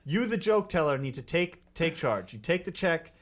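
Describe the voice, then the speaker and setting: A man guest in casual chat, telling a joke with lively acted-out lines. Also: a little high, normal speed. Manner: animated joke telling, acts out dialogue. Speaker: filmmaker guest.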